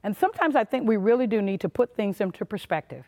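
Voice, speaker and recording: A woman's voice: medium pitch, big pitch swings, fast talker, mellow, long reverb tail. A woman giving a motivational leadership talk in an emphatic, punchy way. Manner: emphatic, punchy, acts out little quoted voices. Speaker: motivational conference speaker.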